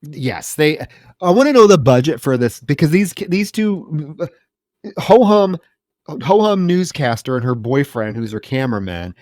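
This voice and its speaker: A man's voice: fairly high pitch, big pitch swings, normal speed, darkish tone, dry recording, clean studio sound. Sarcastic man picking apart a movie. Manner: sarcastic, swears, trails off and restarts. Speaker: podcast co-host. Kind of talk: casual film review chat.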